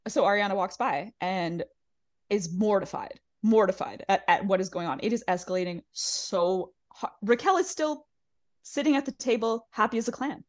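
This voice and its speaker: A woman's voice: medium pitch, moderate pace. A woman co-hosting a podcast, chatting casually and swearing as she recaps a reality show and acts out the cast's lines. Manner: animated, swearing, acting out quotes. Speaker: podcast co-host.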